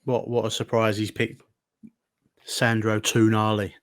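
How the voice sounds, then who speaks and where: Low-voiced bantering podcast co-host. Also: male voice, little pitch movement, a little slow, dry recording, clean studio sound. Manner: bantering, reads aloud with laughs. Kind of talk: casual chat.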